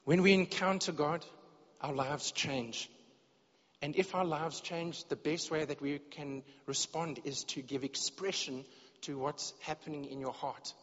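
A man's voice: a little high, fairly even intonation, measured pace, fairly bright tone. A man preaching a sermon in a church, earnest and direct, often repeating words as he searches for the phrase. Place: church hall. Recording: dull lo-fi sound with long hall reverb.

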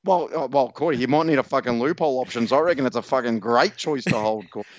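A man's voice: mid-range voice, fast, no echo, dull audio. An Australian man co-hosting a podcast, ranting profanely and mocking a listener in crude sports banter. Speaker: podcast co-host. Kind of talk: crude fantasy football banter.

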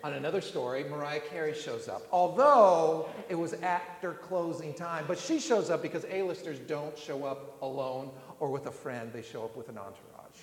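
Rambling preacher in an echoey hall. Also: male voice, fairly high pitch, moderate pace, few pauses. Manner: rambling anecdotes with frequent restarts and fillers. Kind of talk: sermon storytelling. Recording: echoey hall with long reverb.

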